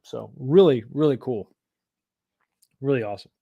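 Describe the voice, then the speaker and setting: A man's voice: mid-range voice, moderate pace, creaky, mellow, slightly rough, no echo, dull audio. A man from East Texas, hosting a casual livestream and rambling as he reads viewer comments aloud and answers them. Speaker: livestream host.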